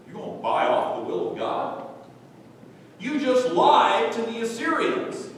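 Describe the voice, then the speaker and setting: A man's voice: wildly swooping pitch, a little slow. A male pastor preaching a sermon with fervent rhetorical questions, recorded live in a church sanctuary from a distant mic. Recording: echoey church hall from far off, faint rumble.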